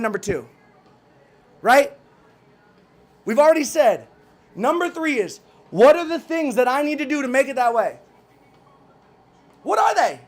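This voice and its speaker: A man with a high-pitched voice delivers a fired-up motivational rant, pushing hard at his listeners. He keeps repeating his questions and throws in casual swearing, in the manner of a business coach. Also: fairly bright tone. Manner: intense, challenging, repeats questions.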